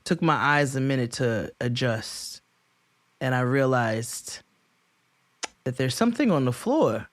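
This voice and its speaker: A man co-hosting a podcast, telling a long story in casual chat, acting out quotes in high voices and laughing often. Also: animated, a little slow, long pauses. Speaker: podcast co-host.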